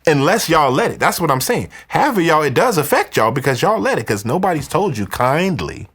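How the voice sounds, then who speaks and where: A man hosting a live podcast, ranting in an animated, conspiratorial way. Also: fairly high pitch, a little fast, slightly rough. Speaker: podcast host. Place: indoors, wearing headphones.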